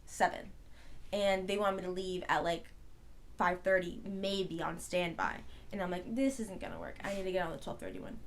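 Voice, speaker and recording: A young adult woman co-hosting a podcast, telling a long story in casual chat, rambling and animated with constant "like" fillers. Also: fairly low pitch, normal speed. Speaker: podcast co-host.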